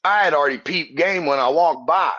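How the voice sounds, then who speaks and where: A man's voice: fairly high pitch, brisk, pushed and bright, muffled recording. A comedian guest on a podcast, a man telling stories in a casual, earnest and profane way, often laughing as he talks. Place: Texas.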